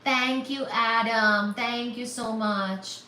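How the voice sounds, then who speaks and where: High bright-voiced woman doing a livestream, slow easy talk, echoey room, faint static behind. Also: distant mic. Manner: gushing, excitable, thanks donors by name. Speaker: livestream host. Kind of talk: casual livestream chat.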